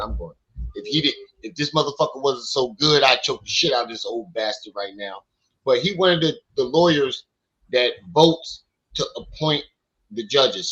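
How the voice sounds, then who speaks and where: A man's voice: medium pitch, sharp tone, dull audio. A man hosting a livestream, telling profane stories in casual chat and acting out what other people said. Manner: profane, storytelling, acts out quotes. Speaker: livestream host.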